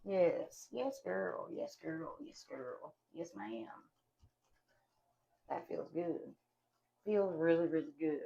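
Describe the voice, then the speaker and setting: A woman's voice: deep voice, animated, slow, creaky, long pauses, warm tone, muffled recording. A woman from West Virginia with an Appalachian Southern accent, chatting casually at home while reviewing products, folksy and talkative, calling viewers y'all. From West Virginia, USA. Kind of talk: casual chat to camera.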